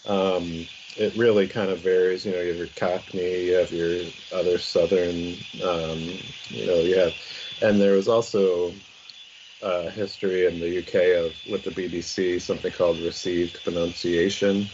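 A man in casual podcast chat who explains things in a measured way, thinking aloud with ums. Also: low-pitched, level tone. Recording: muffled with clear background noise.

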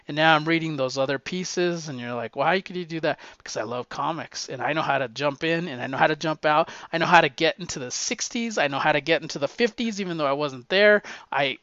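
A man's voice: on the high side, a bit bright, no room sound, highs cut off. A man casually rambling through his recent comic book reads, enthusiastic and full of restarts.

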